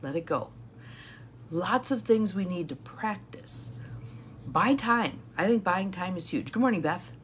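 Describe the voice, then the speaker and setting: A middle-aged woman with a lowish voice gives a live coaching talk, her pitch swinging widely as she stresses and repeats her key phrases. Faint ambience sits behind her voice. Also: lively intonation, unhurried, a little hiss or hum. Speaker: intuitive guidance coach.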